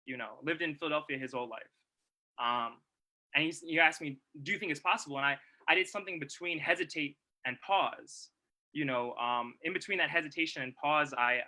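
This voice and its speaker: A young man giving a reflective presentation, talking in a halting, thoughtful way with many pauses and restarts. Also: a little high, sharp tone, low-quality recording. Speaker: presenter at a livestreamed celebration.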